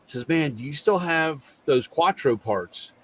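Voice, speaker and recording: Speaking a little slowly in a voice on the high side, a middle-aged male host drifts through a garage story. He animatedly quotes the dialogue, playing both sides of the conversation in this casual talk.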